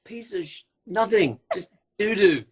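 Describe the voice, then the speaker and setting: A man's voice: high voice, animated, measured pace, slightly rough. A man in his forties with a New Zealand accent, hosting a casual, joking livestream chat and talking in a loose, self-deprecating way. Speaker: Instagram live host. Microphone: phone camera, live video call.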